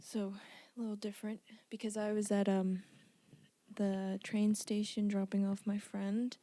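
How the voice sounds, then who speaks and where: A woman's voice: medium pitch, little pitch movement, a little slow, mellow, dry recording. A woman co-hosting a podcast, telling a rambling story with frequent giggles and fillers. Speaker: podcast co-host. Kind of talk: casual chat.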